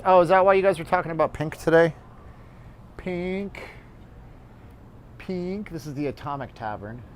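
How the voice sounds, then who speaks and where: A man's voice: mid-range voice, slight background noise. A man hosting a casual walking livestream outdoors, rambling and chatting with his viewers. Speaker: livestream host. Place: outdoors on a city street, walking.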